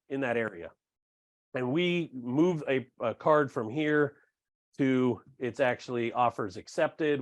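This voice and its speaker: A man giving a casual live software demo on a video call, talking with many fillers and restarts. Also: mid-range voice. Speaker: webinar presenter.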